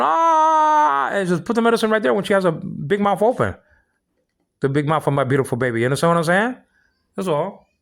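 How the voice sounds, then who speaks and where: An older man from the Philippines in a rambling personal monologue, heated and repetitive, often stammering and restarting his words. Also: fairly high pitch. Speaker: vlog host.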